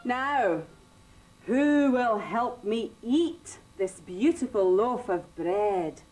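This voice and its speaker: A woman's voice: fairly high pitch, expressive, drawn-out words, darkish tone, faint music behind, low-quality recording. A woman reading aloud and voicing a proud, self-reliant little hen who speaks in a firm, prim and decided way.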